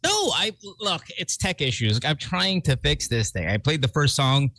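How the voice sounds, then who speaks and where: A man's voice: on the high side, big pitch swings, pushed and bright, no room sound. A man hosting a morning radio show, joking and ranting playfully in casual banter. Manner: playful, ranting, quick jokes. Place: radio studio. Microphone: studio microphone.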